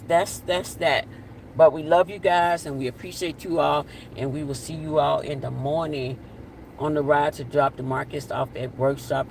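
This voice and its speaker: A man's voice: mid-range voice, vocal fry, a little mellow. A man hosting a casual live stream, reading viewer comments, repeating himself and sending blessings. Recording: distant mic with faint outdoor noise.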